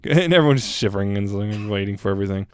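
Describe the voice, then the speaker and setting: A man's voice: on the low side, expressive, fast, smooth, no echo. A man co-hosting a podcast, chatting casually and rambling as he reviews a cartoon episode. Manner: rambling, many restarts and laughs. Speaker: podcast co-host.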